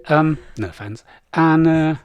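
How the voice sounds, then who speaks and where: A man's voice: fairly high pitch, unhurried, clear, resonant tone, highs cut off. A man in his sixties, co-hosting a podcast in casual chat, rambling through a story and acting out the people in it. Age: 60s. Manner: rambling storyteller acting out game-show contestants in put-on voices. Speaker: podcast co-host.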